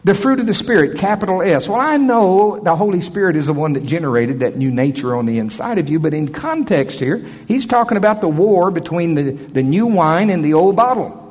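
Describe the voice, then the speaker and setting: Animated preacher man in an echoey hall. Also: sits high, fairly quick, few pauses. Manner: animated, swings from loud to soft. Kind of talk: sermon. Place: church service.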